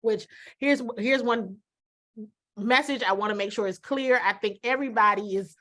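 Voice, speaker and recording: A woman guest on a sports talk show, a lively storyteller who quotes people animatedly. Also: mid-range voice, moderate pace.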